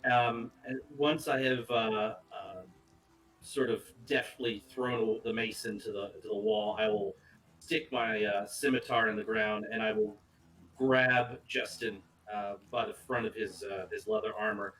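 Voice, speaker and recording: Low-voiced man, halting, off-mic. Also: fairly even intonation, a bit bright, far from the mic, rough recording. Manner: halting, many fillers and restarts. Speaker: player. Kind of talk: describing character actions in a tabletop game.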